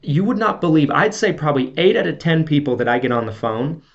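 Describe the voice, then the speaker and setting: A man's voice: on the high side, animated, quick pace. A man giving a casual video sales training, coaching viewers in a chatty way with frequent check-ins and fillers. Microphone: camera video. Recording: slightly dull lo-fi audio.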